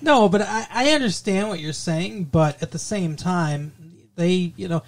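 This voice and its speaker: A man co-hosting a casual podcast, talking in halting, stop-start phrases full of fillers, with a dry, sarcastic sense of humor. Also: sits high, gravelly. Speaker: podcast co-host.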